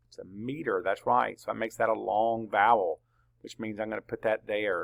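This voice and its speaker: Leading young children through spelling, this male teacher slowly spells each word out letter by letter and poses questions he then answers himself. He speaks on the low side with fairly even intonation and vocal fry.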